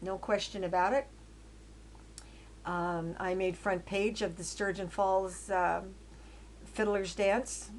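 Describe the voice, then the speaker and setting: A woman's voice: medium pitch, fairly even intonation, slow pace, pauses often, a little hiss or hum. Older woman telling her story, rambling. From Canada. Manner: rambling, frequent fillers and restarts; grows loud and emphatic when indignant. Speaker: autobiographical storyteller. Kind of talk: casual narration over photos.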